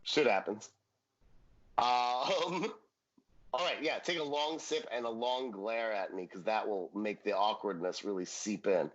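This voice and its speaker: A man's voice: lowish voice, unhurried, highs cut off. A man co-hosting a podcast, chatting casually and jokingly about a sitcom episode and swearing now and then. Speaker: podcast co-host. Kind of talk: casual chat recapping a sitcom.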